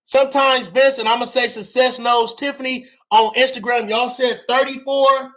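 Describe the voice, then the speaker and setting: A man's voice: very high-pitched, fairly even intonation, moderate pace, bright, forceful tone. A man hosting a livestream, teaching money and real estate to his viewers in a hyped, preachy way, often repeating himself and using slang.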